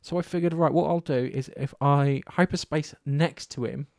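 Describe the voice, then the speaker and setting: A man with a slightly high voice chats casually about games at a moderate pace, rambling through animated stories and swearing freely. His voice has some vocal fry, and the recording is studio quality with no echo.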